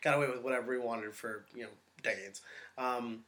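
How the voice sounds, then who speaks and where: A man co-hosting a sports podcast, joking around, his sentences often trailing off softly. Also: mid-range voice, steady tone, brisk. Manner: joking, trails off into soft mumbles. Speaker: podcast co-host. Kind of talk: casual sports podcast chat.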